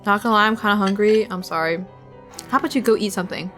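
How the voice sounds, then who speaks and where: A woman's voice: medium pitch, quick pace, music in the background. A young woman streamer chatting casually with her viewers, rambling and giggly, talking while she eats.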